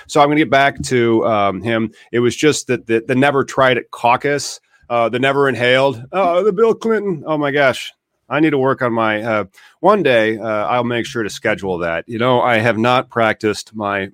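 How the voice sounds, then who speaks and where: A man's voice: mid-range voice, moderate pace, fairly bright tone, no echo, studio quality. A man hosting a show, chatting casually and rambling in a self-deprecating way between clips. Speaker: podcast host. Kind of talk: casual commentary over clips.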